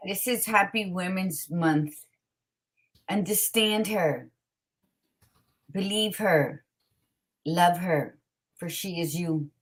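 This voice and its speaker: A woman hosting a casual talk show, blunt and expressive, with a tired morning voice, dropping in Spanish greetings. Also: lowish voice, slow pace, pauses often. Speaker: podcast host. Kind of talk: casual chat.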